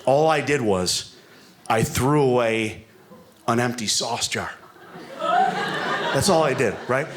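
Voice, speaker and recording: A man doing stand-up on a comedy club stage, speaking into a handheld mic. His talk rambles and leans on filler words, with a self-deprecating edge. Audience noise from the club is heard clearly behind him. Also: mid-range voice, huge pitch swings, slow. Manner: rambling, self-deprecating, full of "like" and "you know". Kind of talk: stand-up routine. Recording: live room with audience noise.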